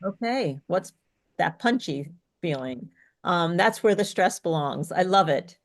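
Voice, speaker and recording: A woman's voice: lowish voice, lively intonation, a little slow. A woman speech coach presenting an online workshop, encouraging and checking in with her co-presenter and the audience. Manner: encouraging, asks checking questions. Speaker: speech coach, co-host of webinar.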